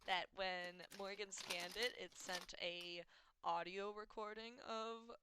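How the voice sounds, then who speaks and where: A woman's voice: medium pitch, fairly even intonation, slow pace, background noise. A woman streaming a story game, chatting casually and giggling between lines. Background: game music.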